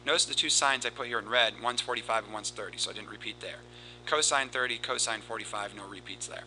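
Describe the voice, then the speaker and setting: A man teaching a recorded math lesson, explaining steps in a steady, explanatory way and reciting formulas in a rhythmic cadence. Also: lowish voice, fast talker, slight background noise, low-quality recording. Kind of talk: recorded lesson with board work.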